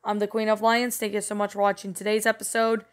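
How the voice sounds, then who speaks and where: A woman hosting a spooky-story channel, giving a rambling casual review, her voice a little rough as if she is sick. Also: medium pitch, little pitch movement, quick pace. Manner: rambling, leans on "you know" and "um". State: voice rough, sounding a bit sick. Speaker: creepypasta channel host.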